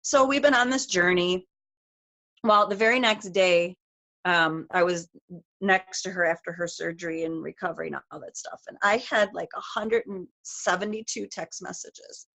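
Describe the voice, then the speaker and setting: A middle-aged woman speaks as a guest on a group call, telling a personal story. She talks quickly and with feeling, and her sentences are full of fillers and restarts. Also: lowish voice, steady tone, pushed and bright. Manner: emotional, rapid storytelling with many fillers.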